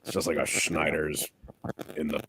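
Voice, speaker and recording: A man's voice: rumbling low, flat delivery, normal speed, noisy background. A man hosting a casual chat show, asking questions and running a poll with his co-hosts. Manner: chatty, runs a poll and asks questions. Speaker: podcast host.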